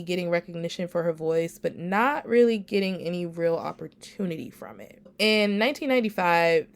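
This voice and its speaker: Woman podcast host, somewhat low voice, congested from a cold, chatty and familiar, recorded without a real microphone. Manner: chatty and familiar, addresses listeners as y'all. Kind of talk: casual storytelling podcast. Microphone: recorded without a proper microphone.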